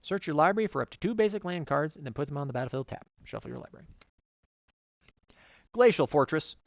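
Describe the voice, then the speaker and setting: A man streaming as a vtuber, casually reading game card text aloud one card after another, quick and run-on. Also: a little high, lively intonation, gravelly, no room sound, lo-fi sound.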